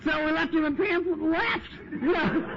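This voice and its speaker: An American man with an extremely high voice speaks at normal speed at a recovery meeting, telling stories chattily with plenty of "you know" and "man." The talk was captured on a dull, lo-fi 1990s tape full of hiss.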